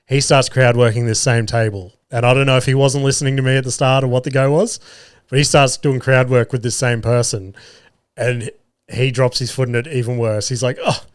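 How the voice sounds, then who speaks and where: Brief: male podcast host, mid pitch, salty storyteller, dry close mic. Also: clean tone, dry recording. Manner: swears freely, animated retelling with quoted voices. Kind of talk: casual storytelling chat.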